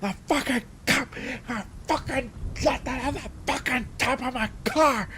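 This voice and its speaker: A man voicing a furious middle-aged woman who screams curses into her speakerphone, her voice shrill and cracking. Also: unhurried, a little hiss or hum, heavily acted. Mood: furious shrieking. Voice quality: shrill, voice cracking while yelling. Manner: profane, screaming.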